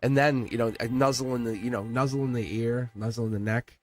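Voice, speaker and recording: A man's voice: fairly quick, a little hiss or hum. Chatty man giving a live tarot reading. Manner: chatty, laughing, animated with sudden drops to a low murmur. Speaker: tarot reader.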